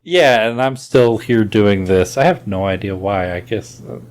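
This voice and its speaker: Unhurried and darkish in tone, this low-leaning male voice belongs to a podcast host with a faint Oklahoma twang. He rambles casually and easily, using plenty of fillers.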